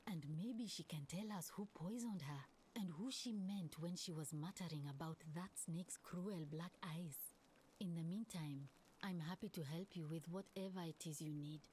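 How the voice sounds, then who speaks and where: A woman playing an earnest healer, low voice. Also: normal speed, a little hiss or hum, natural voice. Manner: earnest, concerned, warm. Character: caring woman healer tending a sick girl. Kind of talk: video game dialogue.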